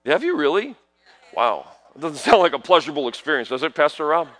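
A middle-aged man preaching a sermon, swinging from hushed asides to loud proclamations and asking the congregation questions. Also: fairly high pitch, very animated, a little fast. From New York. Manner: peppers talk with rhetorical questions to the congregation.

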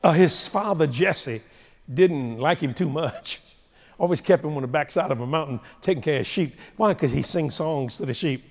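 In a large hall with long reverb, a male preacher gives a sermon full of humorous, animated storytelling. His voice sits a little high and his delivery is brisk.

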